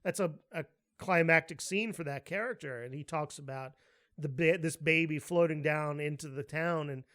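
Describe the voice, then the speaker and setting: A man co-hosting a podcast, telling a story with lively acted-out quotes and frequent laughter. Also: a little high, moderate pace. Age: adult, with a daughter. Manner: animated storyteller, laughs often, acts out quotes loudly. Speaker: podcast co-host. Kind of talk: casual chat.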